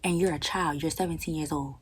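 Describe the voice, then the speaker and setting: Brief: young woman vlogger, low husky voice, animated, profane storytime with whispered emphasis. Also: brisk, rough recording. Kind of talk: storytime vlog.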